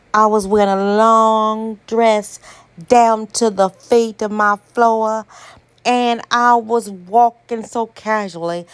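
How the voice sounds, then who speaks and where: A woman telling a dramatic first-person story in an unhurried, deliberate way. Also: medium pitch, clear, resonant tone, no echo.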